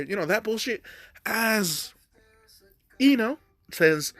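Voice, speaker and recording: A man's voice: high-pitched, expressive. Slangy man retelling an anime story. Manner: casual, swearing, slangy, slips into quick character voices. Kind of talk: casual retelling of a fan story.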